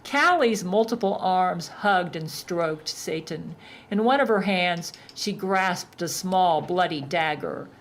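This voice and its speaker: A woman narrating a story in a deadpan reading voice. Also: fairly low pitch, slow pace.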